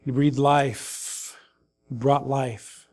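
A man preaching a sermon, earnest and grieving his mother, pausing with fillers and rising to emphatic calls. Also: medium pitch, steady tone, darkish tone. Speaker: pastor.

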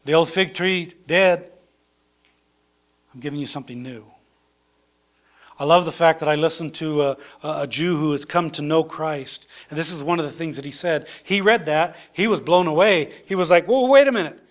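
A man preaching a sermon, conversational, swinging between soft low asides and excited high bursts. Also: moderate pace.

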